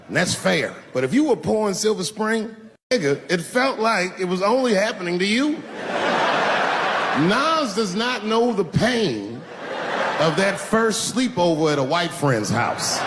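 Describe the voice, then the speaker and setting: A man in his forties performs a stand-up set in a large live venue, his voice rising and falling a lot as he tells stories. He sits a little high for a man and drops low to act out the people he quotes. The recording has a long, echoey hall sound with loud venue noise behind him. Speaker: stand-up comedian.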